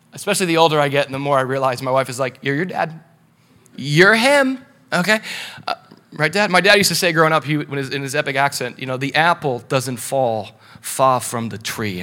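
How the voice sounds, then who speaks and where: A male pastor giving a casual, animated sermon, often asking the congregation rhetorical questions. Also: a little high. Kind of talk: conversational sermon.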